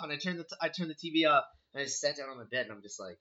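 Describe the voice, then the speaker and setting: Young guy, bright forceful tone, casual storyteller, swears, acts out his reactions; slightly muffled recording. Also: medium pitch, racing, few pauses. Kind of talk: casual chat, telling a ghost story.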